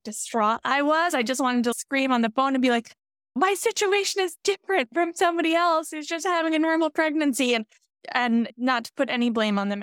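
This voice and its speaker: Brief: woman in her thirties, podcast guest, smooth clear voice, dry close sound, earnest and emotional storytelling. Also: fairly high pitch, dry recording. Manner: candid, emotional, animated quoting of others. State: pregnant.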